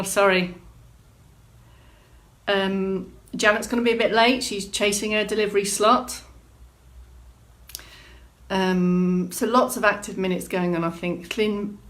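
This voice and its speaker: A woman's voice: mid-range voice, a bit bright. A woman exercise instructor hosting a live-streamed movement class, chatting through viewer comments and giving encouraging prompts. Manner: encouraging, gives clear prompts.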